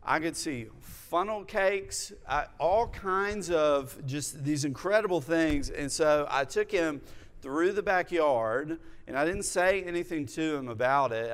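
Smooth-voiced pastor in a reverberant hall. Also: male voice, fairly high pitch, expressive. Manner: measured, reflective preaching with personal stories. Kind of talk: sermon. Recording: long reverb of a large hall.

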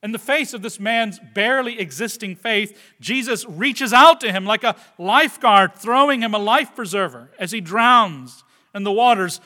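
A man preaching a sermon with earnest delivery, moving from loud, stressed phrases to quiet asides and often turning to the listeners with questions like "right?". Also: high-pitched, normal speed. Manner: addresses the listeners directly with tag questions. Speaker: pastor.

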